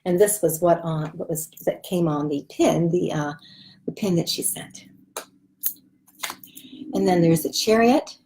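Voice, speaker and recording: A woman's voice: lowish voice, unhurried, pauses often, mellow, slight background noise. A woman chatting casually as a tarot reader while showing cards, loose and full of fillers. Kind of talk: casual chat showing a deck.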